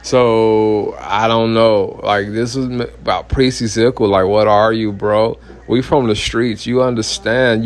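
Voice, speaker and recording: A man, a minister giving a heated, blunt personal testimony full of profanity and repeated "you know what I mean". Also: medium pitch.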